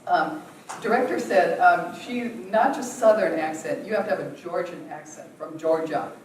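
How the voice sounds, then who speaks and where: A woman's voice: on the low side, normal speed. Acting teacher, woman, casual Q&A, recorded from across an echoey room. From United States. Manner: chatty, laughs often, many fillers. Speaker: acting workshop leader. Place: theatre workshop room. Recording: roomy, distant, faint noise.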